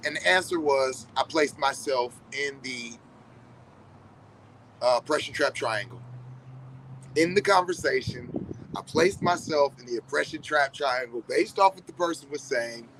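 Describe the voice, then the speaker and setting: A man's voice: mid-range voice, animated, unhurried, a bit bright, slight background noise, rough recording. Man talking straight to his viewers. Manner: conversational, addresses viewers directly, profane. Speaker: vlogger. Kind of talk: reflective casual monologue.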